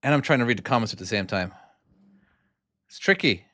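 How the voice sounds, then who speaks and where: Male game streamer, mid pitch, easily distracted, reads chat aloud, dry close recording. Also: animated, fairly quick, a bit bright, no room sound. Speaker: game developer streaming his own game. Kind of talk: casual live-stream chat while playing.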